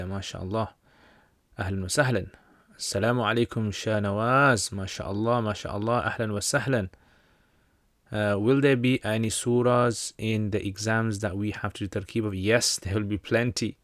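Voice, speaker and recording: A British-accented man who teaches Islam answers viewer questions on a livestream, chatty and joking with lots of fillers. His voice is fairly low, with a dry, clean studio recording.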